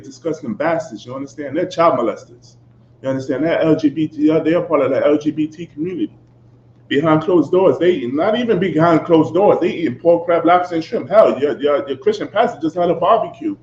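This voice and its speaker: A man's voice: fairly high pitch, a little mellow. A man preaching a fiery, confrontational sermon, swearing and asking "you understand?" after nearly every phrase. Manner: fiery and profane. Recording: echoey, dull lo-fi recording with faint background noise.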